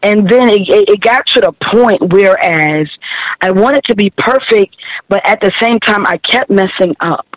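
A woman's voice: mid-range voice, measured pace, no room sound, rough recording. A woman sharing a personal faith testimony on a podcast, earnest and emotional, with much repetition.

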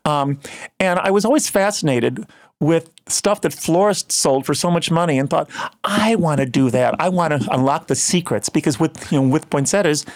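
An older man with a slightly high voice chats in an interview and tells stories with animation. He breaks into brief mimicry of other people, then carries on explaining. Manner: animated storyteller who mimics people in quick asides. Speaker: guest, singer and plant grower. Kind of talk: casual interview chat.

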